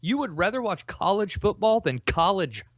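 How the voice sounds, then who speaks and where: A man's voice: high voice, big pitch swings, moderate pace, no echo, muffled recording. A young man co-hosting a live show, teasing his friend and cursing in a casual way. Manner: teasing, laughs often, profane. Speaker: podcast co-host. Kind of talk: casual chat.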